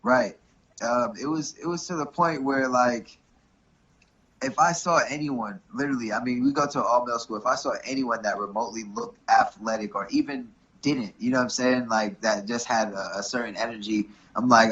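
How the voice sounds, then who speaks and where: A young man, a rugby coach, talking about his club in a relaxed interview, often saying "you know what I'm saying". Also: mid-range voice, brisk, muffled recording. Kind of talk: casual interview talk.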